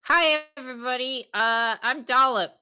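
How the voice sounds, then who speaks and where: A woman's voice: high-pitched, normal speed, crowd noise. A woman introducing herself at a casual script reading, playful in tone. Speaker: cast member at a script reading. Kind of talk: casual chat.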